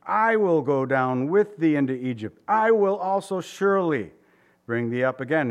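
A man preaching a conversational sermon, asking his listeners questions and voicing quotes. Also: a little high. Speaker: pastor.

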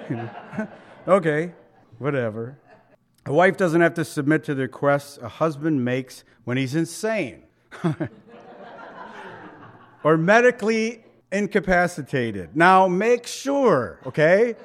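A man's voice: fairly high pitch, sing-song, takes it slowly, pauses often. A middle-aged man preaching a sermon, folksy and conversational, with joking asides and chuckles. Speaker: pastor.

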